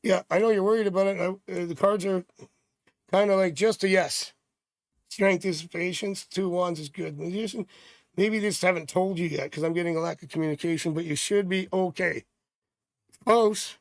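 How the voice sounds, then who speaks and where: A man's voice: sits high, fairly even intonation, moderate pace, no echo, studio quality. A middle-aged man from Canada doing a live tarot reading, chatty and rambling with jokey asides. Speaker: tarot reader.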